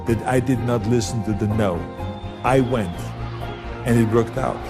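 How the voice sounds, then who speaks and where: A man's voice: mid-range voice, moderate pace, over music. An older man with a German accent giving a motivational speech, stressing key phrases and repeating them for emphasis. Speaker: public speaker.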